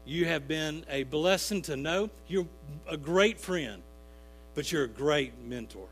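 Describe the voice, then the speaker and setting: A man's voice: a little high, expressive, creaky, fairly bright tone, a little hiss or hum. A man giving an earnest, emotional spoken tribute to a friend and mentor during a church service. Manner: earnest, emotional, slow-building.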